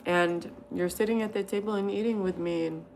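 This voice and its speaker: A woman's voice: medium pitch, steady tone, a little fast, darkish tone, slight background noise. A woman hosting a casual livestream from her table at home, eating and reading viewer comments aloud, laughing often and answering them bluntly. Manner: laughs often and talks between bites. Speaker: livestream host.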